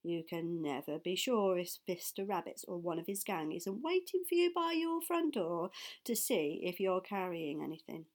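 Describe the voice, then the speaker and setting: A woman reading a storybook, voicing a proud, easygoing father who speaks in a relaxed, matter-of-fact way. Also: on the low side, normal speed. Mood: calm. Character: proud poacher father, man, easygoing and warm.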